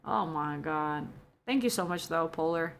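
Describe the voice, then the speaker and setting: A young woman streamer chatting casually with her viewers and reading the chat, giggly and chatty, going from soft to excited. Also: low voice, measured pace, slight background noise.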